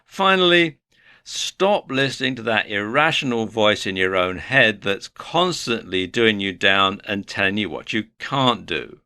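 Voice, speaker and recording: A man's voice: on the low side, lively intonation, measured pace, bright, forceful tone, clear, resonant tone, no echo. A man giving a motivational lecture, earnest and advice-giving, working through his points one by one. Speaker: online course instructor.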